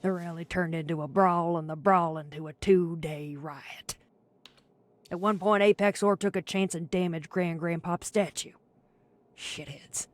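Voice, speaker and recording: A woman's voice: on the low side, fairly even intonation, unhurried, lightly acted. A woman voicing a bitter, swearing small-town woman. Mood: scornful. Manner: blunt and scornful, swears freely. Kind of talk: game character dialogue.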